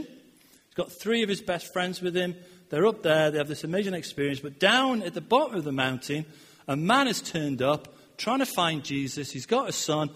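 A man delivers a sermon in a high, light voice. He speaks earnestly, restarting phrases as his voice swells and then drops low. The sound rings with long reverb from a large hall. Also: a bit bright. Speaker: pastor.

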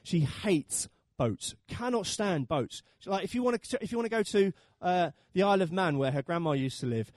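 A man in his thirties preaching a sermon and telling a funny holiday story, with lively acted quotes. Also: high-pitched, moderate pace, few pauses, no echo. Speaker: pastor.

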